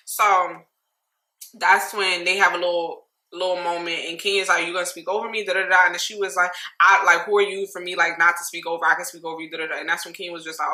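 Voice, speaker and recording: A young woman recapping a reality show in casual, slangy chat, animated and laughing often. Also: on the low side, quick pace. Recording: roomy echo.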